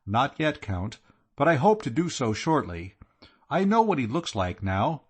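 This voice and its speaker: A man voicing a cool, confident male detective who speaks in a calm, assured way. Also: mid-range voice, measured pace, husky, voice pushed up.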